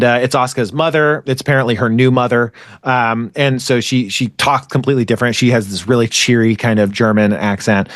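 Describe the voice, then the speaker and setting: A man at a mid pitch talks through a recap in a relaxed, rambling way, restarting sentences and filling pauses. His voice sits close to the mic in a dry, deadened space. It sounds like casual podcast chat. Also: dry recording. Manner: rambling, filler-heavy retelling with restarts. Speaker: podcast host recapping an anime.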